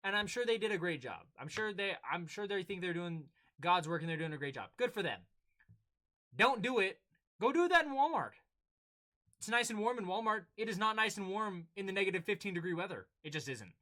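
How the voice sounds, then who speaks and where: Lively young man telling stories. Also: sits high, brisk. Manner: animated storytelling, acting out exchanges. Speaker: podcast co-host. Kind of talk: casual chat.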